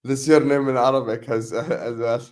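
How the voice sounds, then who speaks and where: A man hosting a casual football livestream, thanking viewers by name in an excited, chatty way. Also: mid-range voice, moderate pace. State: sleepy, yawning. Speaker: host.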